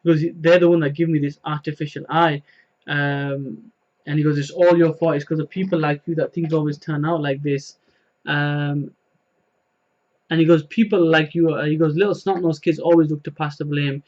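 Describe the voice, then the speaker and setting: A man's voice: a little high, level tone, moderate pace, a little mellow, lo-fi sound. Rambling man recapping a manga chapter. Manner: rambling, many fillers, paraphrases dialogue with "he goes". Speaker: manga reviewer.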